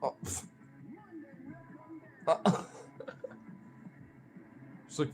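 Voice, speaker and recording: A man with a fairly low voice in loose, profane, rambling chat, stumbling over restarts. He talks to his pets in a high, goofy baby voice. Faint music sits behind him. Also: measured pace, pauses often. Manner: high playful baby talk when addressing his pets.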